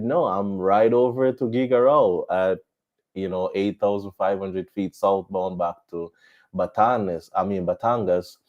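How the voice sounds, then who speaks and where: A man who flies as a missionary pilot, chatting to viewers on a live stream and telling stories in an animated way. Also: sits low, dull audio. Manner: animated storytelling with laughs.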